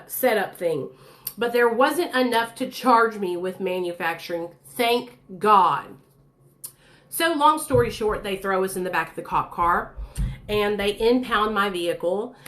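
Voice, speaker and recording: A woman in her thirties telling her own story in casual, blunt, profane speech, acting out the voices of others. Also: medium pitch. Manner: blunt, profane, animated, acts out quoted voices.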